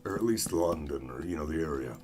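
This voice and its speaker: A man's voice: a bass voice, animated, brisk, music in the background. A young American man chatting casually with viewers while playing a game, rambling and self-mocking. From United States. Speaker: gaming streamer.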